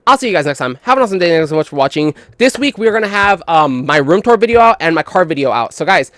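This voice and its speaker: Young male vlogger, slightly high voice, loose rambling delivery full of swearing and "like", dry close sound. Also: lively intonation, quick pace, fairly bright tone, no echo. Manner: rambling, heavy swearing, frequent "like" fillers; mimics others in quoted dialogue. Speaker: gaming channel host. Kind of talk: casual storytelling.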